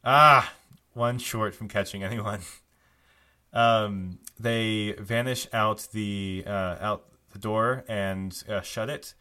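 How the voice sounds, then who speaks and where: This man runs a tabletop game, narrating slowly and casually with plenty of fillers. His voice is lowish, clear, and resonant.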